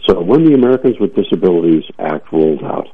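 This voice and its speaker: A man's voice: low voice, lively intonation, quick pace, breathy edge. A man giving emphatic, opinionated commentary on talk radio, often repeating words as he starts a thought, heard over a tinny phone-like line.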